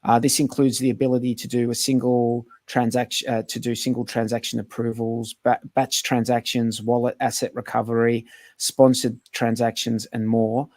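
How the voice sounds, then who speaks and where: A man's voice: mid-range voice, flat delivery, normal speed, darkish tone, no room sound. A man with an Australian accent in casual podcast chat, hesitant with many fillers. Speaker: podcast co-host.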